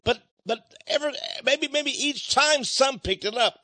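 A man's voice: very high voice, measured pace, hardly any pauses, pushed and bright, no echo. A man preaching a sermon, reading scripture aloud and explaining it. He speaks emphatically, fires rhetorical questions at his listeners and chuckles between points.

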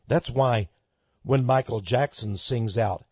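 Guy preaching a sermon, big loud bursts then drops to quiet, kinda husky, dull old recording. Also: medium pitch, takes it slowly, no echo. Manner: dramatic, swinging between loud outbursts and hushed asides; addresses listeners as friends.

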